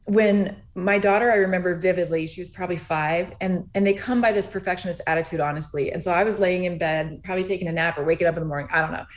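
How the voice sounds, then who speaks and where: A woman's voice: fairly low pitch, steady tone, quick pace, few pauses. A woman in her forties speaks as an interview guest from her home over a video call. She talks earnestly, and when she tells a story she acts out what each person said. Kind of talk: animated conversational interview.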